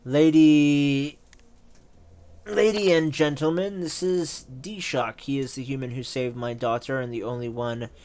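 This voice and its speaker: A man's voice: medium pitch, little pitch movement, a little fast, few pauses, lightly acted. A man playing a cold, stern wealthy older father who speaks in a formal, clipped, commanding way. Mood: icy.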